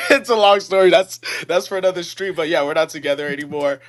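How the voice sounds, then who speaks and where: A man's voice: on the high side, a little fast. A man calling in to a live stream, speaking earnestly with many restarts and retelling a story in quoted dialogue. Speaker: caller. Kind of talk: casual call-in chat.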